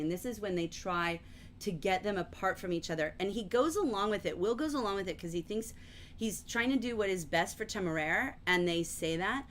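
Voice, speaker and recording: A woman's voice: medium pitch, lively intonation, fairly quick, fairly bright tone, slight background noise. Chatty woman teaching a literature class. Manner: chatty, explanatory, frequent fillers like "um" and "like". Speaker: teacher leading a novel study. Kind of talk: livestreamed literature lesson.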